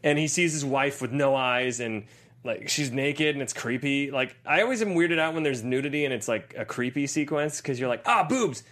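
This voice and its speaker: A man's voice: mid-range voice, moderate pace, fairly bright tone. A man in his thirties co-hosting a casual movie podcast, joking and trying out silly voices. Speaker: podcast co-host.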